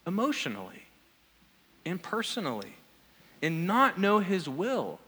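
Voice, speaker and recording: A man's voice: on the high side, sharp tone. A man preaching a sermon as pastor, earnest and asking the congregation questions. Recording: long reverb of a large hall.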